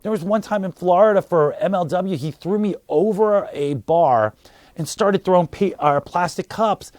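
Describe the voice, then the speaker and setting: Wrestler dude telling a wild story, high voice, really dry close sound. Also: male voice, normal speed, dry recording. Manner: animated, acts out quotes. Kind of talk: interview anecdote.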